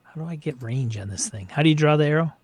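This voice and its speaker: A man playing a tabletop game online with other players, brash and loud, laughing at his own moves. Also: on the high side, expressive, quick pace, no room sound.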